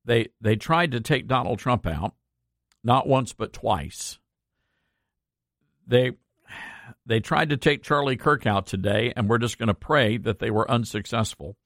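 A man's voice: medium pitch, animated, unhurried, long pauses, a bit bright, dry recording, studio quality. A man hosting a talk radio show, earnest and impassioned, often repeating himself for emphasis.

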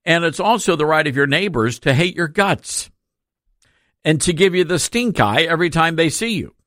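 A man's voice: a little high, lively intonation, moderate pace, a bit bright, dry recording, studio quality. A man hosting a talk radio show, sarcastic and opinionated, laughing through his asides.

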